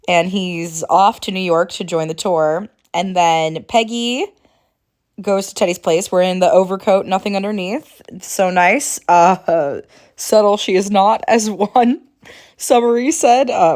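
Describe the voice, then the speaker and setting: A young woman recaps a TV season in a casual, chatty way, her voice sitting a little low. She fills her sentences with "like" and drops wry little asides. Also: smooth. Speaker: TV series reviewer.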